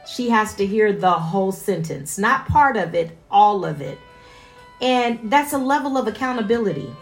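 A woman's voice: medium pitch, expressive, normal speed, faint music behind. A woman in her forties, a mother, speaking in an earnest, reflective personal monologue and stressing points through repetition.

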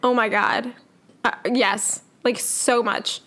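Young woman, podcast co-host, teasing, playful, fairly high pitch. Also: fairly even intonation, takes it slowly, fairly bright tone. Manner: playful, teasing, calls her friend "bud". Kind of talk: casual chat.

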